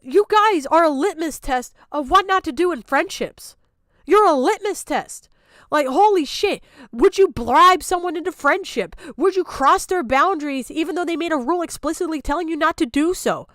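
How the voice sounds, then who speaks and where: A young woman vents on her stream in a high, piercing voice, swearing freely and circling back to the same complaint. The sound is dry, with no room echo. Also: animated, moderate pace, fairly bright tone. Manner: heated, profane, repeating her points. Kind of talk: angry reaction rant.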